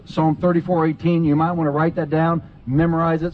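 A male pastor preaching in a fairly high voice, telling stories with lively acted-out moments. A faint hum of ambient noise sits under his voice. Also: fairly quick, hardly any pauses, rough recording. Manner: animated storyteller, acts out scenes with big pitch jumps. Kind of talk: sermon with personal storytelling.

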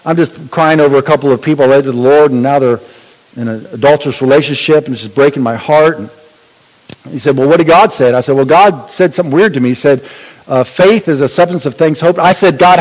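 A male pastor with a high voice delivers an animated sermon, swinging between urgent emphasis and playful asides. His words ring out with a long reverb, as if from a big church hall. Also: fast. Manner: animated preaching with rising exclamations and humor.

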